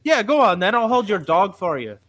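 A man's voice: high voice, very animated, a little fast, fairly bright tone, no room sound, voice pushed up. A man putting on an Irish accent to voice a mocking Irish man who tells roasting jokes. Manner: teasing, roasting.

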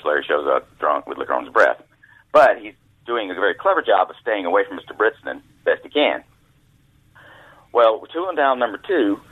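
Deep husky man storytelling on the phone. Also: dry recording. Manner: folksy anecdotes, acts out voices. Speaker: guest author, former caddy. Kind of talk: storytelling interview. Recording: dry tinny phone line.

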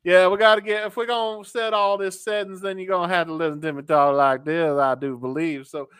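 Podcast host doing a hammy Southern country boy, folksy drawl, smooth clear voice. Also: high-pitched, steady tone, a little fast, fairly bright tone, dry recording, clean studio sound. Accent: Southern US (put on).

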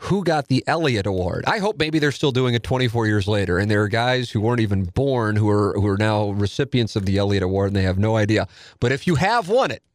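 A man's voice: lowish voice, expressive, fast talker, no echo, studio quality. A man in his forties telling a rambling, self-deprecating story with casual profanity. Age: 40s.

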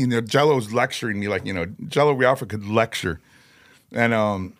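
A middle-aged man, a metal singer telling stories as a podcast guest, animated, laughing and swearing freely. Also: lowish voice, a little fast. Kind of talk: casual storytelling chat. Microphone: podcast studio mic.

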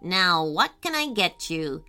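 A woman voicing a polite diner robot waiter in a slow, measured, formal storybook voice. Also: lowish voice, very animated, pushed and bright, smooth, faint music behind, pitched below the performer's own voice, heavily acted.

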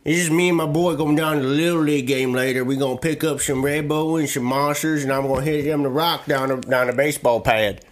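A man's voice: a little high, fairly even intonation, fairly quick, hardly any pauses, close to an everyday voice. A man voicing a rowdy, stubborn country dad in an American country accent, drawling and bossy.

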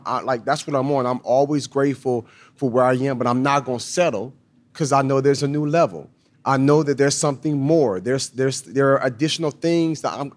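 A man in his thirties telling a personal faith story on a live panel, slangy and animated, acting out the people he quotes. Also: mid-range voice. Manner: animated, slangy, acts out voices in his stories. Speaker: guest on a live podcast panel. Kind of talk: testimony-style storytelling with quoted dialogue.

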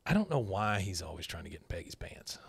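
A man's voice: sits low, big pitch swings, fast talker, creaky, breathy edge. A man hosting a podcast, recapping a cartoon episode in an easygoing, chatty way. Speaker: podcast host.

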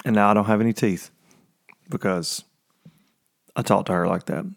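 Gravelly-voiced man, rambling morning chat. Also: lowish voice, steady tone, normal speed. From Tennessee. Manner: rambling, joking, many fillers. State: early morning voice. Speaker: podcast host. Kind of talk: casual chat.

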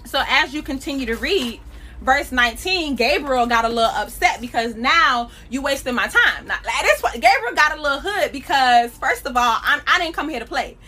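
A young woman hosting a podcast, preaching casually in a lively, slangy way and laughing often. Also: sits high, normal speed. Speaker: podcast host.

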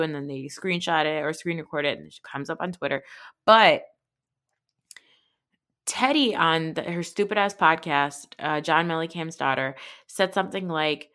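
A woman's voice: on the low side, fairly bright tone. Blunt, swearing woman podcast host. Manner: blunt, exasperated, swears freely. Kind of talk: casual recap chat.

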